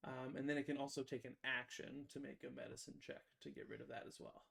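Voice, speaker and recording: A man playing a tabletop game, talking casually in an animated, rambling way full of fillers and laughs. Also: medium pitch, fast talker, creaky. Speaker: player.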